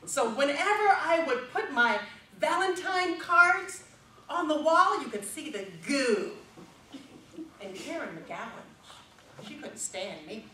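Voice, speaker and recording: Middle-aged woman, speech contest speaker with an animated voice, heard from a distance in a hall. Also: sits high. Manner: expressive storytelling with dramatic pauses. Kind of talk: prepared public speech. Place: stage in a large hall.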